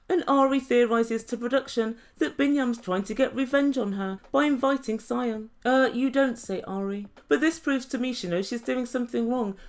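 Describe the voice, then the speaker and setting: Woman, sarcastic, gossipy, reviewing reality TV, fairly high voice. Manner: sarcastic, gossipy, dramatic pauses. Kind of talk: sarcastic recap commentary.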